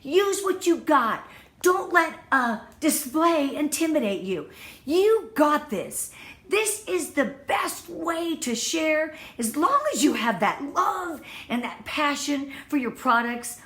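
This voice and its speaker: A woman's voice: high voice, big pitch swings, slow, fairly bright tone. A woman giving her sales team an upbeat, gushing training talk on online party presentations, at home in front of her product display wall. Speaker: direct-sales consultant coaching her team. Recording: echoey room.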